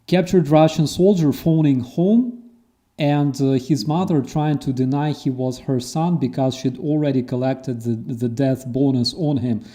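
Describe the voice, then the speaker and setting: A man hosting a casual interview, who tells stories in an animated way and acts out the people he quotes. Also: mid-range voice, measured pace. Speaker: host.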